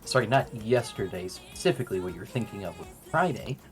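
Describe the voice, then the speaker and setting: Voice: mid-range voice, animated, brisk, faint music behind. Emphatic co-host making a point. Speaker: co-host joining by call. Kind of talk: casual opinion chat.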